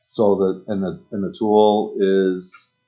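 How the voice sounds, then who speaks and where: A middle-aged man with a very low voice co-hosts a live craft demo. He speaks haltingly, asks about prices and products, and pads his lines with uh's. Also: level tone, mellow. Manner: halting, asks questions, uh fillers. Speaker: craft shop co-host.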